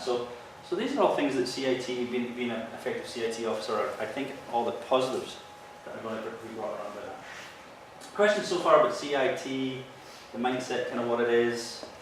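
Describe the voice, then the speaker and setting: A man, a police officer, gives an earnest, explanatory training talk in a plain mid-range voice. He sounds set back from the microphone, and a big echo fills the room around him. A faint hiss sits underneath. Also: medium pitch. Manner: earnest, explanatory, tells field stories. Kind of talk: presentation to an audience. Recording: echoey hall, mic from far off.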